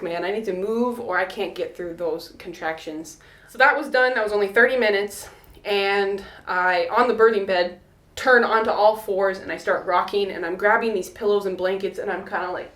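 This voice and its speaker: Young woman vlogger, animated storyteller, roomy-sounding recording. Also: medium pitch. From North America. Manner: animated, acts out quoted voices. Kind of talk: casual storytelling to camera. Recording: roomy echo.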